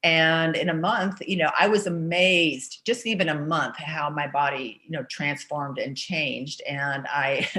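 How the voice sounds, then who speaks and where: A woman in her sixties, an interview guest, telling her story in a chatty, energetic way with many "you know" fillers. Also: deep voice. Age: 60s.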